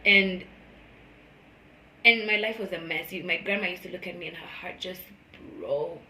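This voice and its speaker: A woman's voice: moderate pace, slight background noise. Earnest woman in an echoey room. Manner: earnest, emotional, swings from soft and low to loud and high. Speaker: vlogger. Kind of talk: casual spoken testimony.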